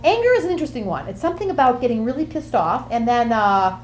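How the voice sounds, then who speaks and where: A woman's voice: on the high side, sing-song, fast, a little mellow, a little hiss or hum. A woman acting out a bubbly, quirky Gemini woman who jumps from topic to topic in a comic monologue. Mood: chatty. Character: chatty flighty Gemini woman, easily bored.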